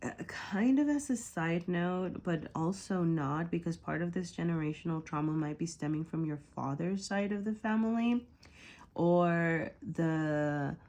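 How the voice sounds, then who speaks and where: A woman's voice: fairly low pitch, measured pace, a little mellow. A woman giving a casual tarot reading. She rambles and hesitates, fills her talk with fillers and rhetorical "right?", and often corrects herself and apologizes. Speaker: tarot reader.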